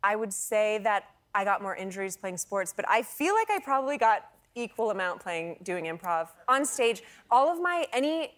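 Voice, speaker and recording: A bubbly woman chatting on a late-night talk show, laughing easily and filling her stories with little asides. Her voice sits at an ordinary middle pitch. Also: very animated, moderate pace, few pauses, a bit bright. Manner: bubbly, laughs often, lots of "like" and restarts. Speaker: actress and comedian guest. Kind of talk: casual talk show chat.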